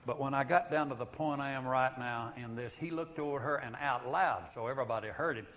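An older man preaching a sermon in an earnest way, rising to loud emphatic peaks and then dropping to hushed, low passages. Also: fairly quick, poor audio.

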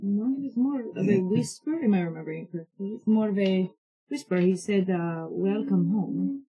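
A woman's voice: medium pitch, fairly quick, slightly rough, highs cut off. A woman playing a character in a tabletop game, asking probing questions. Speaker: player. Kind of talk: in-character role-play.

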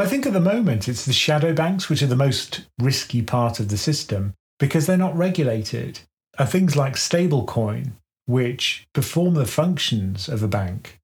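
Guy on a finance podcast, even-keeled, explains stuff patiently w/ simple comparisons. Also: mid-range voice. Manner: measured, explanatory, uses everyday analogies.

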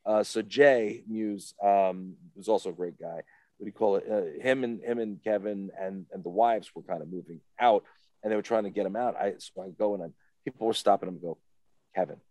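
A man with a lowish voice recorded dry and close, telling a long story in a loose, casual way. He rambles, often stops on "what do you call it," and leaps up in pitch when he acts out the voices of others. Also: fairly quick, a little mellow, no echo. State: emotional, close to tears. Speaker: interview guest.

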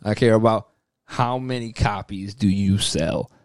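A man's voice: fairly low pitch, fairly even intonation, measured pace, darkish tone, no echo, studio quality. A man co-hosting a podcast, talking bluntly and teasingly in casual chat and swearing a lot. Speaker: podcast co-host.

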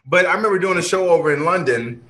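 A man co-hosting a casual podcast chat, a comedian who talks in an animated way, laughing and restarting his sentences. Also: high voice, fast. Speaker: co-host.

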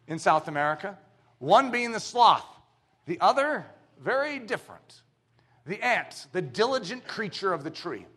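A male preacher in his thirties or forties delivers a sermon with playful emphasis. His fairly high voice leaps around in pitch, with a bright, forceful edge.

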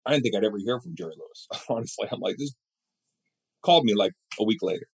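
A man's voice: fairly low pitch, quick pace, slightly rough. A middle-aged man in an interview, telling stories with energy and acting out the voices of the people in them. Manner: animated storyteller who acts out other people's voices. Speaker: guest. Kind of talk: storytelling interview chat.

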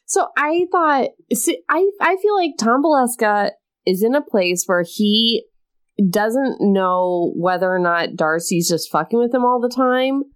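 A woman's voice: a little high, lively intonation, unhurried, clean tone. Frank, chatty young woman. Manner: chatty, frank, laughs often. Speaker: podcast co-host. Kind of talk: casual chat.

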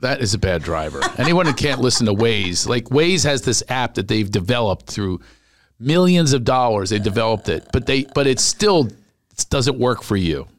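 A man, a stand-up comic, chatting casually and telling animated stories, acting out the people he quotes. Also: medium pitch, normal speed, no echo. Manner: animated storyteller, acts out quotes. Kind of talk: casual podcast chat.

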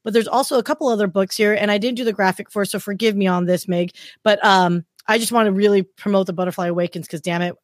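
A woman's voice: medium pitch, fairly even intonation, quick pace, hardly any pauses, no room sound, studio quality. A woman who hosts a live-streamed interview, talking in an emotional, encouraging, chatty way. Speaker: host.

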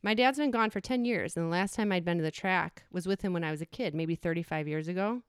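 Smooth-voiced woman reading a memoir. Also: lowish voice, no echo, studio quality. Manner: reflective, measured reading with brief acted quotes. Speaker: storyteller. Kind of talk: personal essay read aloud.

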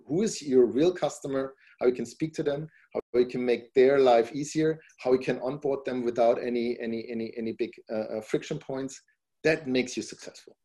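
On a podcast, a company founder answers at length in a relaxed, rambling way, his voice warm and mid-range. He leans heavily on "you know, it's like" and becomes insistent when he lands a point.

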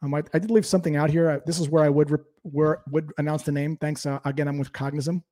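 Mellow-voiced man coaching sales. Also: on the high side, fast. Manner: explanatory, lively coaching. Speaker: sales trainer. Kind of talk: instructional talk.

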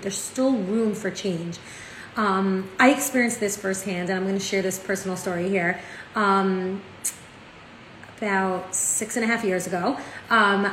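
A woman, teaching in a casual, chatty way. Her storytelling is animated, full of "like" and "right?" asides. The room is echoey, with a faint hum of ambience behind her. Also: mid-range voice. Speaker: Torah class teacher. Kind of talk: casual spoken lesson.

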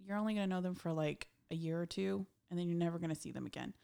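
A woman's voice: lowish voice, very fast, gravelly, mellow, clean tone. A woman guest in a casual studio chat, speaking candidly, teasing the host and laughing often. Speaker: podcast guest. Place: office studio. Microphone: studio mic with headphones.

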